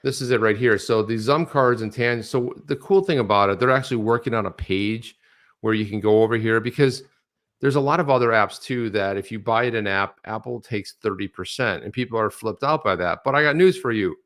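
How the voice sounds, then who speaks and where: A man's voice: fairly low pitch, a little fast. Rambling man co-hosting a chat. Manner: rambling, animated storytelling with many restarts. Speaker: co-host. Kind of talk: casual chat.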